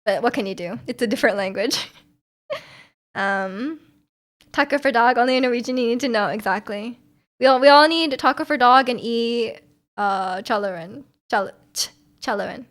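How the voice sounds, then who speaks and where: A woman's voice: on the high side, moderate pace, fairly bright tone. A young woman streaming, chatting casually with viewers and reading their comments, rambling with frequent ums and restarts, her voice slightly sore.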